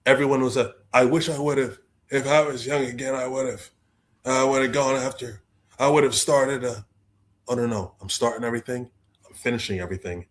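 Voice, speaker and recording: Animated storytelling man. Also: mid-range voice, moderate pace. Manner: expressive, acts out quoted voices, repeats words. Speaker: guest author.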